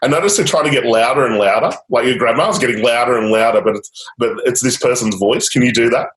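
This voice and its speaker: A man's voice: mid-range voice, a little fast, fairly bright tone. A man guiding a client through a coaching session, upbeat and encouraging, with casual fillers. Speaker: change coach. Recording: roomy echo.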